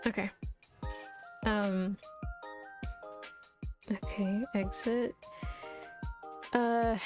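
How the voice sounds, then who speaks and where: A woman streamer chatting casually and rambling while she plays a video game, laughing often. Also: medium pitch. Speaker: VTuber streamer. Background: faint game music.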